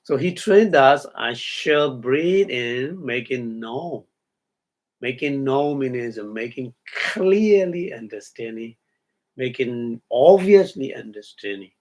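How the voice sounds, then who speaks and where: A man giving a Buddhist dharma talk as a meditation teacher. He speaks haltingly, chants Pali terms and then explains each one, and checks in with his listeners through short hums and questions. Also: medium pitch, expressive, darkish tone.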